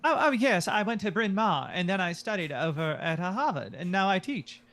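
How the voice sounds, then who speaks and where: A man's voice: sits high, expressive, a little fast, fairly bright tone. A player voicing a prim academic woman from Boston, fussy and hesitant with many filler sounds. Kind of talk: tabletop role-play.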